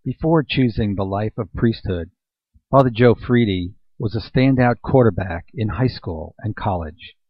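Low-voiced man reading a formal introduction. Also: a little slow, no echo. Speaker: event announcer. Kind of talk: scripted speaker introduction. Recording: dull, dry recording.

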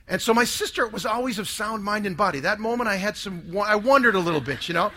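Bright, high-voiced man telling a dramatic testimony. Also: fast talker, few pauses. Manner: dramatic storytelling, sinking to hushed tones and rising to loud outbursts. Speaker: speaker giving a testimony. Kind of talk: emotional testimony talk to a live audience.

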